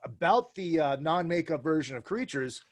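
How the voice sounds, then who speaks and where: A man from Minnesota, a podcast guest talking in casual, animated chat and swearing in passing. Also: fairly high pitch, moderate pace, no echo.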